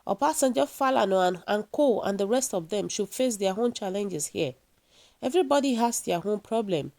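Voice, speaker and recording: A woman's voice: medium pitch, lively intonation, moderate pace, vocal fry, mellow. Nigerian woman giving earnest news commentary. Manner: earnest, rhetorical questions to viewers. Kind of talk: news reading then opinion commentary.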